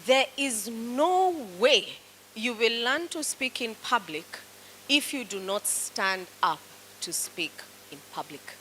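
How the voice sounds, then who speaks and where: A Kenyan-accented woman teaches a public speaking class, coaching students through exercises with slow, encouraging commands. Her voice sits on the high side, expressive and sharp, and the rough recording carries a little hiss or hum.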